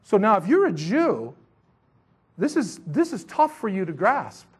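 A man teaching a Bible chapter in a casual, conversational sermon, with animated, slangy asides. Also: sits high, a little slow, breathy edge.

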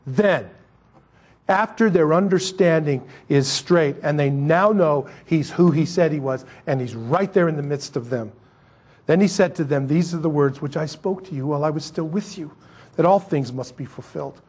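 A male pastor preaching a sermon, swinging between loud emphatic lines and quiet asides. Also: a little high, normal speed, breathy edge.

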